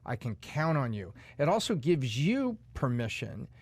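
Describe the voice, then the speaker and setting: A man's voice: medium pitch, sing-song, unhurried, darkish tone, husky, dry recording. A man co-hosting a casual chat show, explaining earnestly with frequent restarts. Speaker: co-host.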